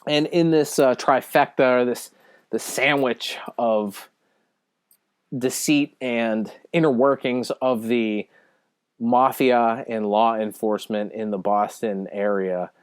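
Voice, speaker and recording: A man's voice: mid-range voice, fairly even intonation, slow pace, clear, resonant tone, no echo, clean studio sound. A man giving rambling, self-deprecating casual commentary over a speed painting. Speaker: speed-painting video host reviewing a film.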